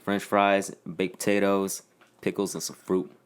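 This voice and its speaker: Deep-voiced young man, smooth. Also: level tone, a little slow. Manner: laid-back, reads off news items. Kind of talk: casual chat.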